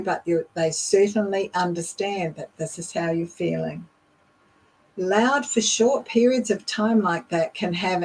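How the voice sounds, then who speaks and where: Slow-speaking, breathy woman coach. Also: on the low side, a little mellow, low-quality recording. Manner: deliberate, demonstrates vocal techniques. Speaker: leadership coach. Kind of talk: instructional talk.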